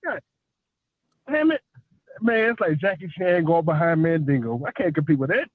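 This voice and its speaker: A man's voice: on the high side, lively intonation, moderate pace, no echo. A male caller chatting loosely and jokingly on a call-in show, full of filler phrases. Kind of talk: casual call-in chat. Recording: tinny dry phone line.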